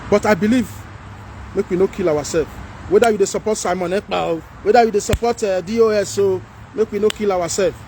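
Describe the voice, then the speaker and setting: A man with a Nigerian accent hosting a livestream, talking to viewers and reading their comments in an animated, pleading way. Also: high-pitched, fairly quick, slight background noise. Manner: animated, pleading, mixes in Pidgin. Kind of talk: casual livestream talk.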